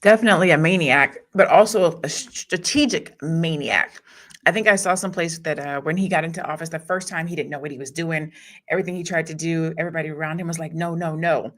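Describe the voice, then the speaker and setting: A woman's voice: low voice, fast talker, fairly bright tone. A woman guest on a panel, answering in a wry, storytelling way. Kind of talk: casual panel discussion.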